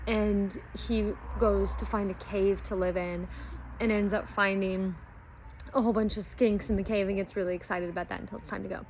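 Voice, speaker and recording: Woman book reviewer, relaxed chatty storyteller, mid-pitched, loose with fillers. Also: moderate pace, a little hiss or hum, poor audio. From not Australian. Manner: chatty retelling with frequent ums and likes. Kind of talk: casual book review chat.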